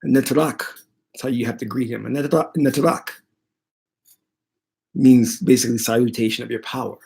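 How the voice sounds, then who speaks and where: Man, gravelly voice, animated monologue, spiritual storyteller. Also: mid-range voice, normal speed. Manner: animated, dramatic retelling. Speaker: spiritual teacher.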